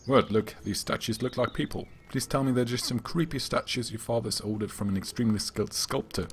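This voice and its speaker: A slightly hoarse man voicing a level-headed young male hero in a plain, matter-of-fact way. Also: mid-range voice, brisk, slight background noise, close to an everyday voice. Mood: calm.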